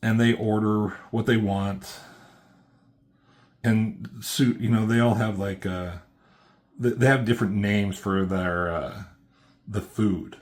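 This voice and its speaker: A man's voice: fairly low pitch, fairly even intonation, slow pace, pauses often. A man casually recapping a comic book as a reviewer, rambling along with lots of fillers and a laid-back delivery.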